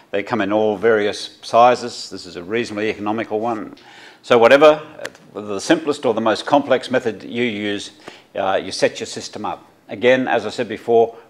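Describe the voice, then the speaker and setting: Halting Australian man teaching. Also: lowish voice. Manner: halting, many fillers and restarts, practical instructions. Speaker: journalism lecturer. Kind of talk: unscripted tutorial talk.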